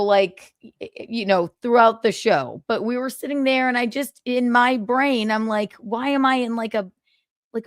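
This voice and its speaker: A woman tells a story on her own show, cursing freely and switching voices to act out each person. Her voice sits a little high and moves a lot. The sound is dry and close. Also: dry recording. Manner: animated, swears freely, acts out both sides of the exchange. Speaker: podcast host. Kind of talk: casual storytelling monologue.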